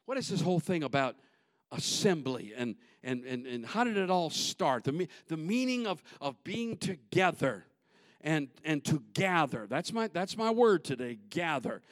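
A male pastor preaching a sermon, folksy and repetitive, swinging from shouted peaks to low joking asides. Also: big pitch swings, normal speed, no echo, clean studio sound. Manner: folksy, repetitive, call-and-response.

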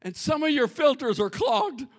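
Animated high-voiced preacher. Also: male voice, moderate pace. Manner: animated, humorous, addresses congregation directly. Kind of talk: sermon.

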